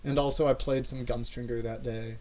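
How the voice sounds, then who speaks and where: A man's voice: mid-range voice, level tone, a little fast, poor audio. A man chatting casually as a podcast co-host, rambling and trailing off with lots of fillers. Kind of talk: casual chat.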